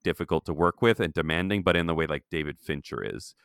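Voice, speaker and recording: A man's voice: deep voice, fast talker, fairly bright tone, smooth, no echo, studio quality. A man co-hosting a casual podcast, chatting loosely with many fillers and reading a long magazine quote aloud. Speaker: podcast co-host.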